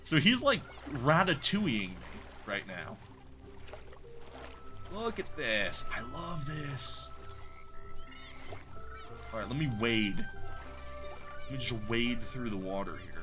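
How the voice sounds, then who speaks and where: A man's voice: medium pitch, very animated, slow pace, pauses often, music in the background. A man streaming a game live, chatting casually, reacting aloud and greeting viewers in chat. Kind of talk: live gameplay commentary.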